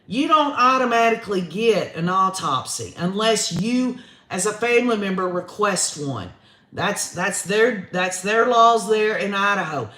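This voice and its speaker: A man's voice: high voice, pushed and bright. A man hosting a true crime live stream, reading viewer comments aloud in a folksy, chatty way. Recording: roomy echo.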